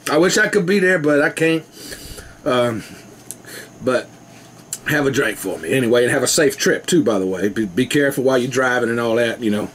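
A man's voice: mid-range voice, animated, a little fast, fairly bright tone, slight background noise. A man rambling casually to his camera at home, laughing often. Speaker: vlogger. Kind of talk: casual rambling video chat.

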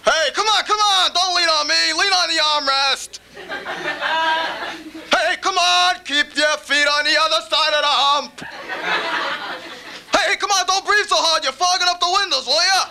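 A man's voice: extremely high pitch, measured pace, vocal fry, long pauses, voice pushed up, exaggerated voice. A man voicing an irritated father who barks orders and nags his kid. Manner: barking, nagging complaints. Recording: noisy old TV recording.

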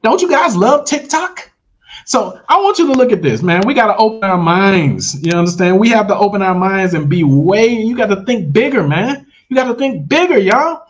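A man's voice: high-pitched, very animated, moderate pace, dull audio. A man hosting a casual livestream, giving a hyped, salesy pep talk straight to his viewers, full of slang and repeated phrases for emphasis. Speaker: host of an online money-making livestream.

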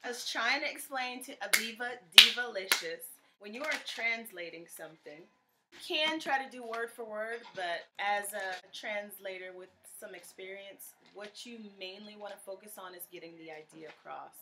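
A woman's voice: medium pitch, lively intonation, normal speed, very noisy. A woman guest in a playful chat, teasing and theatrical, explaining translation. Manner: teasing, theatrical, swings loud.

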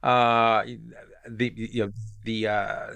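A man's voice: lowish voice, flat delivery, slow, gravelly, fairly bright tone, clean tone. A man hosting a talk on poetry, explaining unscripted and thinking aloud with many repeated words.

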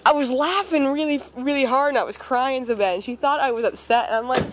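A young woman talks in a high, bright register in a casual vlog. She chats to the camera and coaxes her dog along in an easygoing way. Faint noise sits under her voice. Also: lively intonation, fairly quick, few pauses. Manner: chatty, coaxing pet talk. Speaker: dog owner filming her pet. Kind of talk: casual home video vlog.

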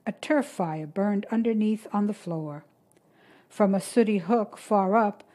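A woman narrating a short story in a steady, measured reading voice. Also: mid-range voice.

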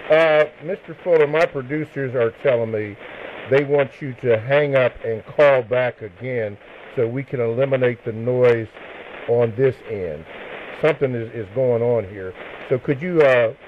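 A man hosts a live radio show in a mid-range voice. He talks in halting bursts full of fillers. The sound is narrow and boxy, like an AM broadcast. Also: medium pitch, slight background noise. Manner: hesitant, with many fillers and restarts. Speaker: radio host.

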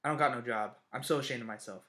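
A man's voice: mid-range voice, fast, a bit bright, close to an everyday voice. Man doing a bellowing drunk laborer. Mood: sobbing. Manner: bellowing, coarse. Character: big drunk male laborer, belligerent then broken.

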